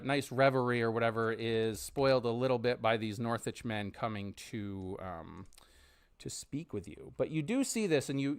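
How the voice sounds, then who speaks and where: Slow, crisp-voiced man narrating a game. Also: mid-range voice, no echo, clean studio sound. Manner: halting, many ums and restarts. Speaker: game master.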